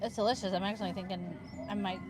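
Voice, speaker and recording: A woman co-hosting a casual livestream, giving relaxed, brief replies. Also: mid-range voice, quick pace. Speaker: livestream co-host.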